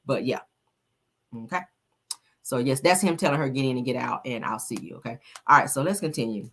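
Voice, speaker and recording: A woman's voice: rumbling low, fairly quick. A woman hosting a casual gossip commentary, reading messages aloud, chatty and profane, talking straight to her viewers.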